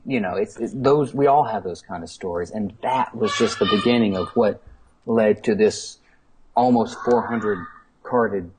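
A man's voice: on the low side, measured pace, background noise. A man guesting on a podcast, telling a long casual anecdote with frequent fillers and laughs. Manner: rambling, laughing, many fillers. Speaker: guest, toy collector.

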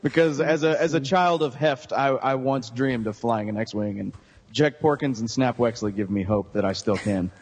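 A man's voice: medium pitch, moderate pace, a little mellow, slightly rough, in a large hall. A man chatting as a podcast guest, joking about himself and laughing a lot. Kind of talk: casual podcast chat.

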